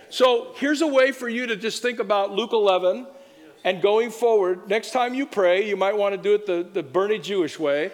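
A man preaching a sermon in a church, animated and exuberant, often repeating words in quick bursts. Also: high-pitched. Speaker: pastor. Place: church sanctuary. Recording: long reverb of a large room.

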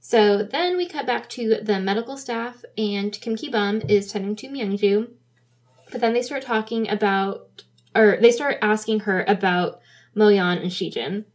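A woman's voice: mid-range voice, unhurried. Casual chatty woman co-host. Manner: casual, laughs easily, frequent fillers. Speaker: podcast co-host. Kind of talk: casual chat recapping a drama episode.

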